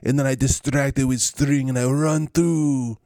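A man voicing a boastful football star in a mock French-Spanish accent, speaking halting, broken English. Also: mid-range voice, steady tone, mellow, no room sound, studio quality, voice pushed up, close to an everyday voice. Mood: cocky.

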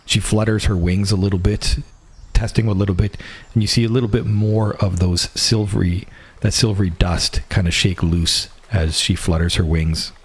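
A man narrating a tabletop game as game master, describing scenes slowly with frequent restarts. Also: low-pitched, fairly even intonation, breathy edge.

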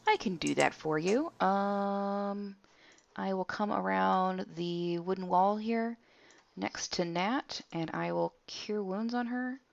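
A woman's voice: mid-range voice, slow pace, gravelly, lo-fi sound. A woman playing in a tabletop game, hesitant and fumbling, checking on her fellow players.

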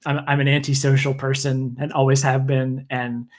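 American man, no accent, halting and restarting, mid-pitched, casual podcast talk. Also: flat delivery. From United States. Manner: hesitant, many fillers and restarts. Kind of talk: casual political chat.

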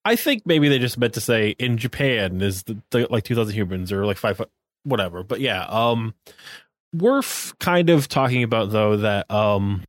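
A man's voice: lowish voice, animated, moderate pace, no echo. A man co-hosting a podcast, talking casually in a rambling, wry way with many fillers. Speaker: podcast co-host.

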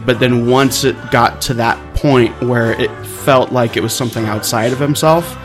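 A man co-hosting a casual podcast chat, talking in halting bursts with many restarts and casual swearing. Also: mid-range voice, steady tone, music in the background. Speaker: podcast co-host.

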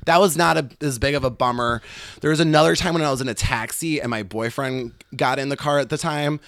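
A young man telling personal stories in casual chat, animated and swearing often, acting out what others said. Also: mid-range voice, a little fast, smooth, no echo, studio quality. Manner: animated, swearing, quoting others in acted voices. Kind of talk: casual storytelling.

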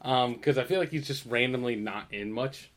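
A man's voice: mid-range voice, normal speed, fairly bright tone. A young man co-hosting a podcast, chatting casually, swearing freely and laughing as he recalls TV scenes. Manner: swearing, laughing, quoting TV lines. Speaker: podcast co-host. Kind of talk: casual chat.

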